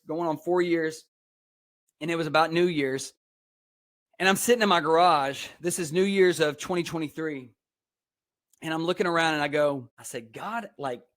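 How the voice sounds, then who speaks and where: A young Texan man talks with eager, preacher-like energy in a casual podcast chat. He laughs easily, and his voice sits a little high for a man. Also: a bit bright. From Texas. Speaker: podcast guest, speaker and personal trainer.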